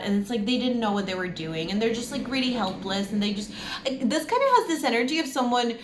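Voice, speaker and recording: A woman's voice: on the high side, expressive, quick pace, roomy sound, noisy background. A woman giving a casual tarot reading to camera, chatty and emphatic, with many fillers. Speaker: tarot reader.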